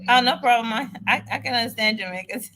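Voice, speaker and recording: A woman answering immigration questions on a live stream, chatty and excitable, often repeating herself. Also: fairly high pitch, fairly quick. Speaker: immigration advisor.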